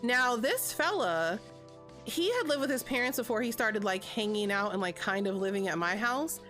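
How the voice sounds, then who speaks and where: A woman's voice: on the high side, lively intonation, normal speed, a bit bright, soft background music. A woman in her thirties telling a story on a livestream, chatty and profane, with a constant "like" between phrases. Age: 30s. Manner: chatty, profane, heavy filler "like". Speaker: vlogger. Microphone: streaming setup.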